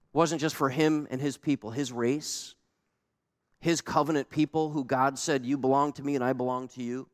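A male pastor preaching a sermon in a conversational, animated way, full of rhetorical questions. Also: mid-range voice, long reverb tail.

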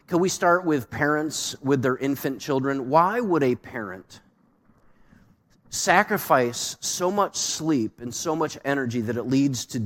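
Man, pastor preaching, rhetorical questions, long hall reverb. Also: medium pitch. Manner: asks rhetorical questions, varied emphasis. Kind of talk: sermon.

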